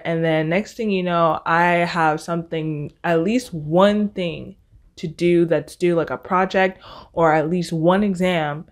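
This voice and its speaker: A young woman in college hosting her own podcast, talking to listeners in a chatty, sarcastic way. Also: low voice. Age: young adult. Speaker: podcast host. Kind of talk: casual solo podcast chat.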